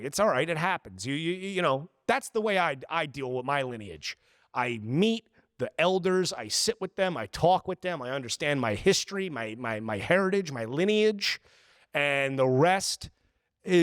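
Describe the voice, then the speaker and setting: A man's voice: a little high, no echo, clean studio sound. A man in his twenties hosting a podcast, ranting profanely and acting out little quoted scenes. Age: 20s. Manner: profane, animated storytelling with put-on quotes. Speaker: podcast host. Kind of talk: casual podcast rant.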